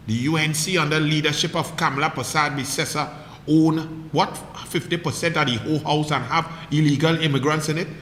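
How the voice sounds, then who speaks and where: A Trinidadian man rants about politics in a bright, high voice, mocking and combative, throwing out rhetorical questions. His voice rings around an echoey room with a long reverb tail. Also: slight background noise. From Trinidad and Tobago. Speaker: political commentator. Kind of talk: heated political monologue.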